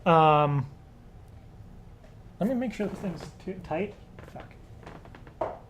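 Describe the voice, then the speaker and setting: A man's voice: sits high, lively intonation, drawn-out words. Young man, live-stream host, jittery, cursing, laughing, faint background hiss. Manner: nervous, swearing, laughing often. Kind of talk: casual live-stream chat.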